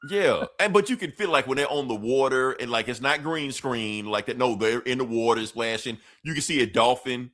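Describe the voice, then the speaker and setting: A man co-hosting a podcast in casual chat, talking in an animated, profane way and laughing often. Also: medium pitch, moderate pace, hardly any pauses, a little hiss or hum. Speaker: podcast co-host.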